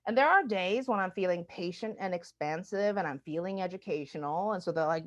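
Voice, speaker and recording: A woman's voice: mid-range voice, animated, fairly quick, hardly any pauses. A woman from the United States giving a conversational talk as a diversity speaker, often asking "right?". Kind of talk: recorded webinar talk. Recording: muffled lo-fi webinar audio.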